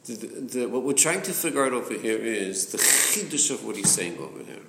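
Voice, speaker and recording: A man's voice: mid-range voice, a little fast, gravelly, noisy background. A man leading a Torah study class, asking questions and answering them himself. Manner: animated, poses and answers his own questions. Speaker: class leader. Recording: roomy echo.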